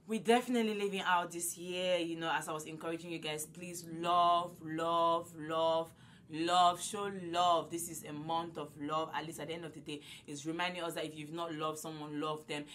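A woman in her twenties talks straight into her phone camera, loud and effusive, circling back to the same words again and again. Her voice sits low yet rings bright and forceful. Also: fairly even intonation, moderate pace, a little hiss or hum. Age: 20s. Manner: loud and effusive, repeats herself. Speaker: vlogger. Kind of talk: casual vlog to camera.

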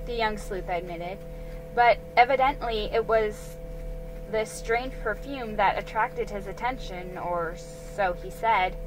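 A woman reading a mystery story aloud in a calm, measured way, over background music. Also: mid-range voice, poor audio.

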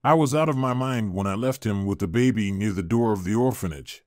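A man's voice: on the low side, a little fast, no echo, clean studio sound, close to an everyday voice. A man reading the lines of a middle-aged woman fortune teller in a storybook tale, speaking briefly and directly. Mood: hushed confession. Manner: direct, then hushed.

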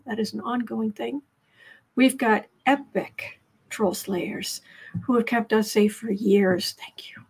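A woman with a fairly high voice talks through her daily tarot livestream. She chats loosely and rambles, breaking off to answer people in the chat. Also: breathy edge. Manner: chatty and rambling, with asides to the chat. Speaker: livestream tarot reader and host.

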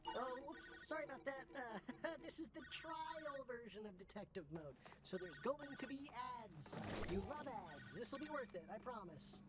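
A woman's voice: fairly high pitch, big pitch swings, normal speed, music in the background. A woman voicing a chirpy, upbeat AI detective-mode helper program in a video game, talking like a salesy assistant. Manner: upbeat, salesy, cheerfully unhelpful.

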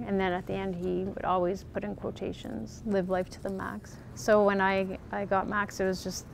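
A woman who leads a paramedic peer support program, speaking earnestly and in a measured way in a documentary interview. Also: medium pitch, level tone, vocal fry, slight background noise.

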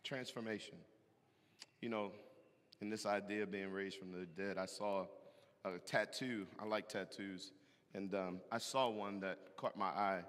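A man preaching a sermon, animated and emphatic, with loud bursts and call-and-response to the congregation. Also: fairly low pitch, measured pace. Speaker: pastor. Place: large church hall. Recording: echoey hall from a distance.

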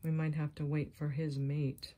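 This vlogger's voice is low-pitched and scratchy, moving at a moderate pace as she casually shows off jewelry she thrifted. She gushes with excited exclamations, now and then falling to a near-whisper.

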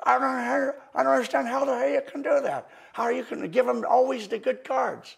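A man putting on the voice of a gruff, dismissive old magic mentor, loud and halting. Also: very high-pitched, pitched above the performer's own voice, heavily acted. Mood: baffled. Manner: loud, halting, repeats words.

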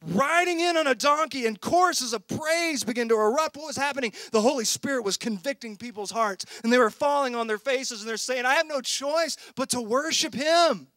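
Male pastor, sermon, very high voice, dry close sound, passionate, drops to near-whisper at times. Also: a little fast, hardly any pauses, dry recording. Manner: impassioned, swings from loud emphasis to hushed intensity. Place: church.

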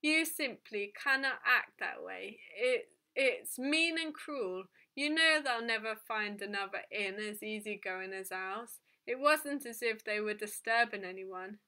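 A woman's voice: mid-range voice, lively intonation, measured pace, few pauses, pushed and bright. A woman reading a storybook aloud, voicing a plump, brusque middle-aged tavern keeper who scolds her husband. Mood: scolding, brusque.

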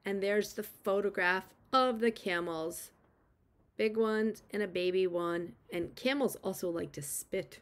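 Reading a picture book to young children, a woman who teaches preschool gently invites them to join in. She speaks unhurriedly at a medium pitch.

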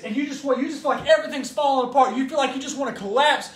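High-voiced animated man preaching. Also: fast. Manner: animated, repeats words, rises to shouting at high points. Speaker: Christian video preacher. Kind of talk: informal Bible study talk.

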